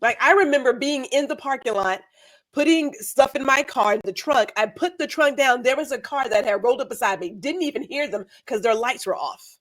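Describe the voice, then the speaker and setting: High-voiced woman, emphatic and talkative. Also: a little fast. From Texas, Houston. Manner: emphatic, repeats for effect, laughs often. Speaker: guest. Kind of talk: casual chat on a call.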